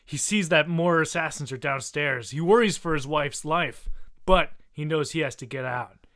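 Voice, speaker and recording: Bright-voiced man improvising a comic tale. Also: fairly high pitch, normal speed. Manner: hesitant, many restarts, giggly. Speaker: podcast co-host. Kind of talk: improvised comedy storytelling.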